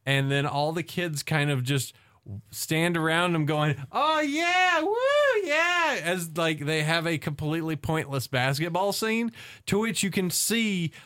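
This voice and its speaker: A man's voice: a little high, steady tone, a little slow, a bit bright, clean tone. A man co-hosting a podcast, talking casually and sarcastically about a movie's scenes. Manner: sarcastic, mocks the film. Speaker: podcast co-host.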